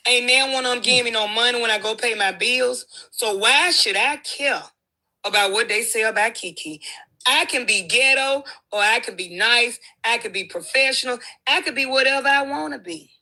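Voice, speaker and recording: A woman's voice: on the high side, moderate pace, pushed and bright. A woman talking as a guest in a livestream chat, brash and sassy, trading insults. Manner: sassy, brash trash talk.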